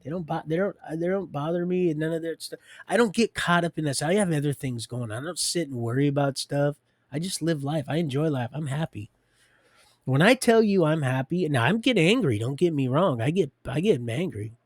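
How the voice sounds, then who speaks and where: A man's voice: on the high side, brisk, darkish tone, no room sound, studio quality. A man hosting a livestream, rambling and preachy, talking straight to his viewers. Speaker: livestream host.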